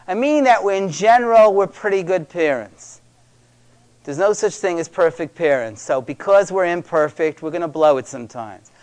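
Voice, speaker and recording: A middle-aged man talks about parenting to a live audience, sounding conversational and emphatic and repeating key words for stress. His voice sits high and is expressive with a darkish tone, at normal speed.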